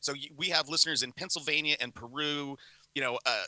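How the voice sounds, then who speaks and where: A man hosting a podcast interview, eager and enthusiastic. His voice is very bright and sits a bit high. The sound is close and dry. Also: fairly quick, dry recording, rough recording. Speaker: podcast host.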